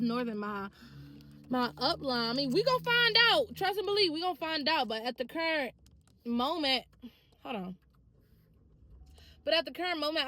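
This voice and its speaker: High, bright-voiced chatty woman vlogger. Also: rough recording. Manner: animated, chatty storytelling with lots of slang. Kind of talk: casual talk to camera.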